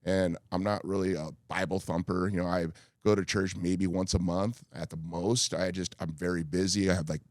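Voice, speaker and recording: A man's voice: sits low, level tone, normal speed, dry recording, studio quality. A man in his fifties from California, a guest in a podcast interview, telling his stories earnestly and rambling with many fillers. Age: 50s. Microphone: studio microphone.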